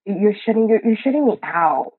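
A woman calling in to a podcast, venting about her partner in a halting, frustrated way with a husky voice. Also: mid-range voice, lively intonation, no room sound. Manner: frustrated, halting, many restarts. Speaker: caller. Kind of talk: live call-in chat. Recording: dry tinny call line.

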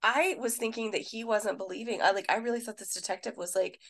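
A woman's voice: medium pitch, fast talker. A woman, a nurse co-hosting a podcast, telling stories in casual chat, quoting people and swearing freely. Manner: animated storyteller, quotes people, swears casually.

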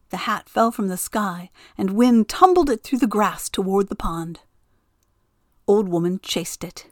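A woman reads a storybook tale aloud, gentle and expressive in her telling. She takes her time and savors each line, recorded close and dry with no room sound. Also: medium pitch, a little slow, no room sound. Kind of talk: storybook narration.

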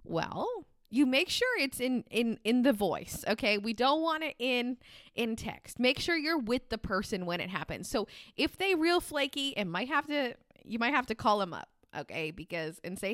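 A young woman talks straight to listeners in a casual podcast monologue, candid and blunt, swearing without a second thought. Her voice sits a little high. The sound is dry and close, with no room around it. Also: lively intonation, normal speed, a bit bright, no echo. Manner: candid, swears casually, acts out sample dialogue. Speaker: podcast host.

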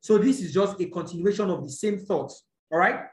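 A preacher in the middle of a teaching sermon, walking through scripture point by point. The voice sits at a mid pitch and keeps asking "all right?" as it goes, fixing small slips along the way. The recording rings with a noticeable room echo. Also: fairly quick, a little mellow. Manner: explanatory, checks in with "all right?", corrects own slips. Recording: echoey room.

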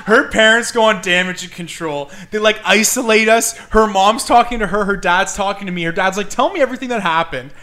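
A young man telling a story in casual chat, animated and swearing freely as he acts out quotes. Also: sits high, normal speed.

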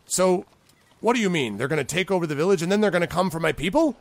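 A man voicing a blustering, suspicious male goblin boss who barks orders in a high, squawky voice. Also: lively intonation, fast talker, gravelly, dry recording. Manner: barking orders, indignant.

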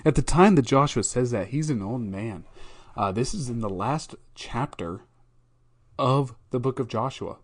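A man's voice: medium pitch, a little slow. A man with an ordinary mid-range voice hosts a laid-back podcast. He talks unscripted and thoughtfully, often stopping on fillers and restarting his sentences. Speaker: podcast host. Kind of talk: casual reflective podcast talk on a Bible verse.

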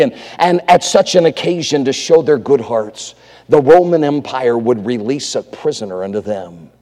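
A man preaching a revival sermon, swinging from loud exclamations down to hushed near-whispers. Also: mid-range voice, animated, moderate pace, in a large hall.

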